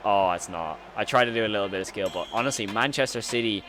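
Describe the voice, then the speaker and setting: A man giving excited play-by-play commentary on his own football video game match, breaking into shouts and squeals when goals go in. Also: on the low side, quick pace, over music. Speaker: gaming YouTuber.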